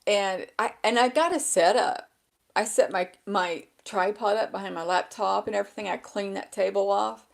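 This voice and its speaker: At a table indoors with a laptop, a woman vlogs from home into a small handheld microphone, chatting casually to camera. She rambles, loses her train of thought and laughs at herself, her medium-pitched voice gravelly and a bit crackly at a moderate pace.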